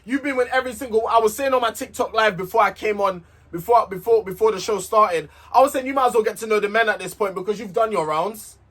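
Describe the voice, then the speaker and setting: Man, high voice, casual vlog rant, heated, sweary, sarcastic. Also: quick pace, hardly any pauses, fairly bright tone. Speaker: reality show recapper.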